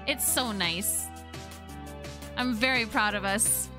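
Chatting with her viewers during a live-stream, a young woman plays a game, swears freely and hums along to the game music playing clearly behind her. She speaks slowly at a medium pitch.

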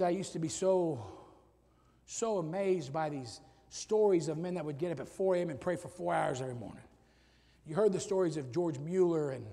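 A middle-aged male pastor preaching a sermon, swinging from loud shouted peaks to low quiet asides. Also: gravelly. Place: church sanctuary with long reverb. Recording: reverberant church hall.

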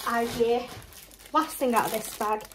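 A woman's voice: fairly high pitch, a little slow, background noise. A young woman and mum chatting casually through a shopping haul, rambling along and listing prices with small laughs. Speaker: mum and vlogger.

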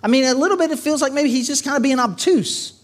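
High-voiced man preaching casually. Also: quick pace. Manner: animated, casual, many fillers and "right?" tags. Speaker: pastor. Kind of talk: conversational sermon with storytelling. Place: church service.

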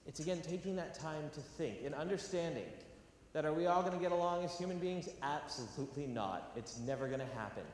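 A man's voice: fairly high pitch, fairly quick, darkish tone, distant mic. Brief: young male speaker from California, emphatic and earnest with light jokes; long hall reverb, faint background noise. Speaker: educational theatre speaker. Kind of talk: public talk to a live audience. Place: large university hall.

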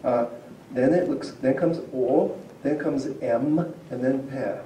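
Male lecturer, very mellow dark voice, heard from afar in an echoey hall, chatty and explanatory. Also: medium pitch, slow pace, a little hiss or hum. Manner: explanatory, asks the audience questions, chuckles often. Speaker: university linguistics lecturer. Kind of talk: public lecture to a community audience. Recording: roomy hall picked up from a distance.

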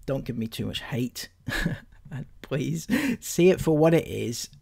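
A man's voice: mid-range voice, a little slow, gravelly, a little mellow, slightly rough. A man hosting a commentary channel, talking in a casual, critical way with frequent ums.

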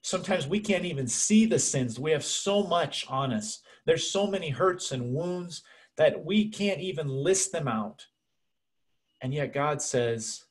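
A man's voice: a little high, lively intonation, measured pace. A man preaching a sermon as pastor, earnest and conversational, speaking to the congregation as friends.

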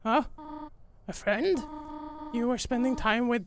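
A man reading a caring, stern goat mother's lines from a game in a slow, motherly tone. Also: extremely high pitch, voice pushed up.

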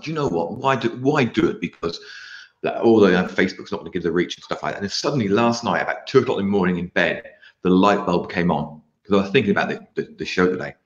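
A man hosting a live online show, talking in an upbeat, chatty and jokey way over a video call. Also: low-pitched. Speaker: host. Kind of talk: casual live show chat. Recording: roomy, dull lo-fi sound.

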